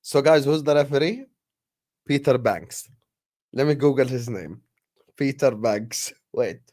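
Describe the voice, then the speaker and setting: A man hosts a casual football livestream, chatting with viewers, talking to the chat and switching into Arabic phrases. His voice is medium-pitched, a little mellow and slightly slow with lively intonation, recorded at studio quality with no room sound.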